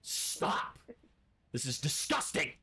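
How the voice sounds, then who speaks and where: A male game streamer swears constantly and rants at his chat in a mock-furious way. His voice sits at an ordinary male pitch, and he flips between put-on outrage and grumbling half-apologies. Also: moderate pace. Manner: profane, mock-angry, ranting at chat. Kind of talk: casual live-stream chat.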